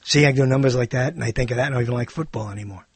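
A man's voice: mid-range voice, very fast, slightly rough, dry recording. An older man hosting his own show, rambling in a casual monologue that drifts into jokes and musings about what words mean. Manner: digressive, joking, muses aloud about word meanings.

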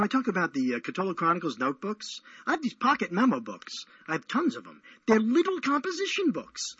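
A man's voice: on the high side, a bit bright, breathy edge, no room sound. A man hosting a radio show, chatting in a playful, rambling, teasing way. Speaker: radio host. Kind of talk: casual call-in radio chat. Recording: dull lo-fi radio audio.

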